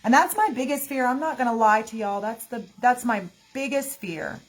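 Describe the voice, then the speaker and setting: A woman's voice: on the high side, animated, normal speed. A woman in her thirties speaking emotionally in a casual livestream, often calling her viewers y'all.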